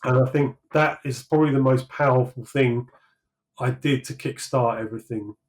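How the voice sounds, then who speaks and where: A man's voice: mid-range voice, moderate pace, poor audio. A British man, likely in his thirties, talking through his career in a casual interview, rambling with many fillers and restarts. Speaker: sculptor guest.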